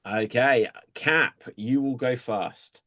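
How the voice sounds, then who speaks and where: A man hosting an improv comedy show, announcing games and calling time in a relaxed way. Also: medium pitch, takes it slowly.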